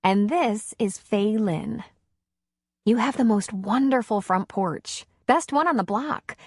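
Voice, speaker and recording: A woman's voice: mid-range voice, slow, no echo, clean studio sound, pitched above the performer's own voice. A woman voicing a chatty, cheerful young single mother in an audiobook. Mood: friendly.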